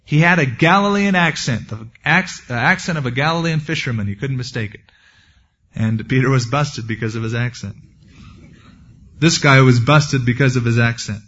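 A man's voice: medium pitch, normal speed, fairly bright tone. A man preaching a verse-by-verse sermon as a pastor, in a conversational way with folksy asides. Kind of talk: expository sermon. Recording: dull lo-fi recording.

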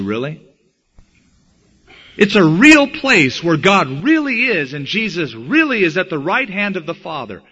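A man preaching a sermon in an emphatic, animated way, slowing and speeding up for effect, on a dull lo-fi recording. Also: a little high, husky. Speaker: pastor.

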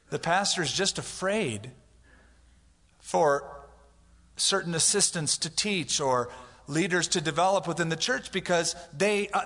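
A man's voice: on the high side, fairly bright tone. A male pastor giving a conversational sermon with humorous asides, acting out the people in his stories. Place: church sanctuary. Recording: church hall reverb.

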